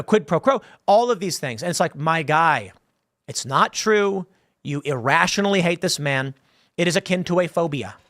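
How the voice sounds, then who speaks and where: Male host, raised pitch, dry close sound, rambling commentary with acted quotes. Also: fairly bright tone, dry recording. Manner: rambling, conversational, with many restarts and acted-out quotes. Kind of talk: casual commentary reading viewer questions.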